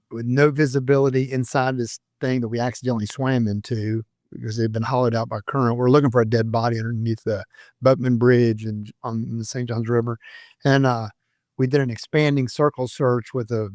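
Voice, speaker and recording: A man's voice: mid-range voice, darkish tone, no echo, studio quality. A man in his fifties, a retired sheriff's deputy, telling rambling stories in a casual interview and laughing at himself. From Florida, USA.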